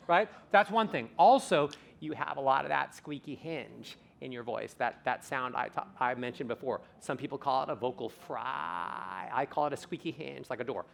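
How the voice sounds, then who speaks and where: A man working as a voice coach, giving a playful, animated live demonstration on stage. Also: mid-range voice, moderate pace, gravelly, hardly any pauses.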